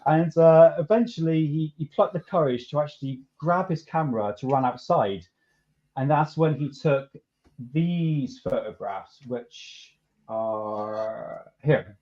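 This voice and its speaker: A man's voice: fairly high pitch, slow, mellow. A man hosting a podcast in a casual, laid-back way, chuckling and restarting sentences often. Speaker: podcast host. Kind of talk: casual chat. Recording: dull lo-fi sound.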